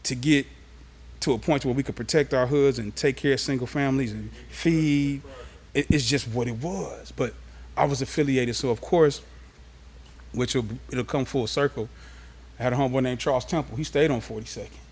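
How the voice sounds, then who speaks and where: Man from los angeles, interview guest, casual streetwise storytelling, mid-pitched voice. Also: normal speed, a little mellow, breathy edge.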